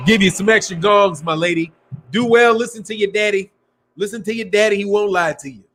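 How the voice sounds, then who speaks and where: A middle-aged man from Chicago runs a boxing live stream with a high-pitched voice. He talks loose and slangy and laughs often. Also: a little fast, fairly bright tone, slight background noise. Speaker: boxing channel host. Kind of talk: casual live stream chat.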